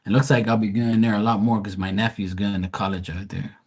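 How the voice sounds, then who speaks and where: A man's voice: lowish voice, level tone, a little fast, a little mellow, breathy edge, low-quality recording. A man with a Bermudian accent, rambling and chatty as he talks casually with viewers on a live tarot stream, swearing now and then.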